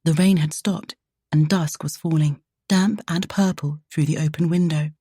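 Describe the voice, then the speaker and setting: A woman narrating a romance audiobook in a soft, measured way. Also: deep voice, steady tone, breathy edge, dry recording, studio quality.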